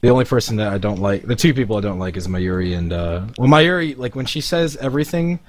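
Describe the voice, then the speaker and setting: A man co-hosting a casual podcast, telling lively stories and mimicking other people in high voices while playing a video game. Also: fast, slight background noise. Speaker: podcast co-host.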